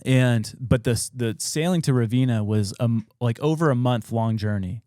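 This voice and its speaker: A man's voice: medium pitch, moderate pace, warm tone, no echo. A young adult man, a podcast co-host, casually retelling a spooky old story with loose fillers and quoted dialogue.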